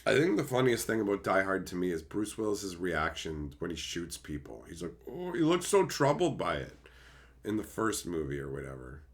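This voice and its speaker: A man hosting a casual livestream, chatting with viewers in a profane, animated way and slipping into quick silly impressions. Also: deep voice. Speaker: livestream host. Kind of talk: casual livestream chat, reading viewer messages.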